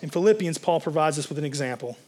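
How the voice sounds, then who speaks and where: Conversational male pastor, slightly high voice. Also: fast, warm tone. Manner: conversational, rambling with fillers and restarts. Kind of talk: sermon.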